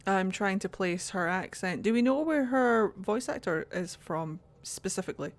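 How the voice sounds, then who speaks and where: A woman's voice: medium pitch, lively intonation, moderate pace. A Glaswegian woman in her thirties, giving blunt, sweary, playful commentary while streaming a game. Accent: Glaswegian Scottish.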